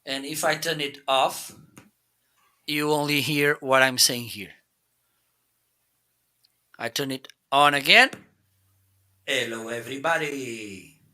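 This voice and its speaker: Slow, very bright-voiced joking man. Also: mid-range voice. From South Africa. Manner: playful, joking, unhurried. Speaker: live shopping show co-host. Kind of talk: casual live-stream product demo. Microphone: handheld mic through a speaker.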